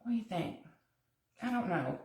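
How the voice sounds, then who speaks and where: A woman's voice: mid-range voice, expressive, normal speed, darkish tone. A woman hosting a live crafting demo from her kitchen, chatting and giggling with viewers while she works. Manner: chatty, giggly, thinking aloud while working. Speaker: craft tutorial host. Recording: echoey kitchen, mic at a distance.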